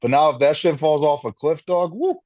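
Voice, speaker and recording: A man's voice: on the high side, expressive, moderate pace, darkish tone, no room sound. A man co-hosting a sports podcast, talking football in a laid-back, wry way. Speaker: podcast co-host. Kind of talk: casual sports chat.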